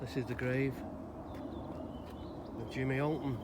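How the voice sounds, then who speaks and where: A man speaks at a middling pitch and tells his story in a loose, conversational ramble full of pauses. He is recording outdoors in a cemetery. Clear outdoor noise and distant traffic run under his voice. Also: steady tone. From Salford, England. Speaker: grave-visiting vlogger. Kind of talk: casual spoken tribute and storytelling.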